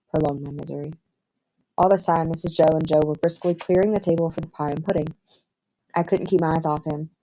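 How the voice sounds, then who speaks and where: A woman with a Southern US accent reading a classic novel aloud in measured, expressive scripted narration. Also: sits low, low-quality recording. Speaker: audiobook narrator.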